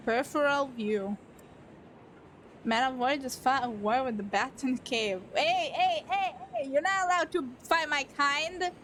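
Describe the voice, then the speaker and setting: A woman's voice: a little high, a little hiss or hum. A woman streamer reading a story game aloud, breaking off into playful, profane asides. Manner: playful, swears a lot, quick asides.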